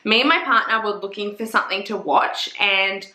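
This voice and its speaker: A young woman vlogging in a casual chat, gushing and swearing a lot as she talks excitedly. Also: medium pitch, normal speed. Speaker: vlogger reviewing TV series. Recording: echoey room.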